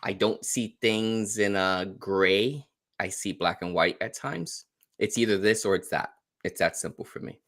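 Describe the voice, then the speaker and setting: A man's voice: fairly low pitch, a little slow, a bit bright. A middle-aged man with a thick New York accent from the Bronx, talking bluntly and plainly as a guest on a casual show. He laughs easily between his short, straightforward sentences. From the Bronx, New York City. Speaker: guest streamer. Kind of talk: casual interview chat.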